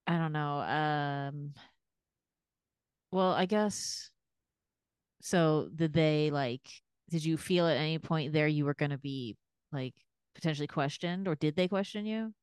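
Woman podcast host with a very low, smooth voice; halting, thoughtful chat. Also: a little mellow, no echo, clean studio sound. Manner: thoughtful, halting, many fillers.

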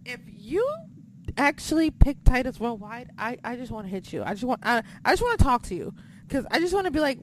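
A woman hosting a podcast, recapping in casual chat, excitable and profane, swinging between shouting and muttering. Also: a little high, a little hiss or hum. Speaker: podcast host.

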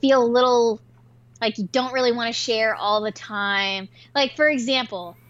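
A woman co-hosting a podcast, telling a story in a casual, animated way with plenty of swearing. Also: a little high, highs cut off. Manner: animated, profane, quick-tempered storytelling. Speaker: podcast co-host.

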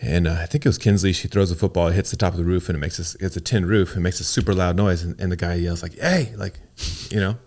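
A man's voice: sits low, fairly even intonation, racing, hardly any pauses, darkish tone. A man in his thirties co-hosting a podcast, telling stories casually and acting out the quoted voices of other people. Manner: storytelling, acts out quotes in a raised voice. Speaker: podcast co-host. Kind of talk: casual chat.

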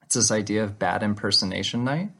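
Man, podcast co-host, fry-edged voice, playful banter. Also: a little fast, pushed and bright. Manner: playful, pitching ideas with jokes. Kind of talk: casual podcast chat.

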